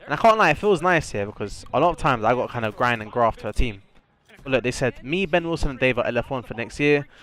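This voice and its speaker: A man's voice: medium pitch, animated, fast, a bit bright. A young English man streaming live, talking casually and rambling with lots of fillers as he chats with viewers. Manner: rambling, chatty, full of fillers. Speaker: streamer and competitive gamer.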